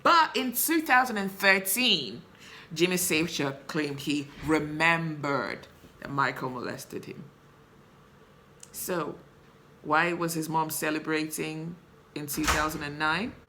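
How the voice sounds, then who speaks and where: Impassioned woman host, lowish voice with a bright edge, emphatic rhetorical delivery. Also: a little slow, slight background noise. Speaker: show host. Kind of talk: opinion commentary to camera.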